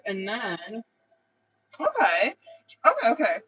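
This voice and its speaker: Woman tarot reader live-streaming, loose, profane, chatty. Plain mid-pitched voice. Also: very animated, measured pace, pushed and bright, husky, low-quality recording. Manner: casual, swears often, filler-heavy.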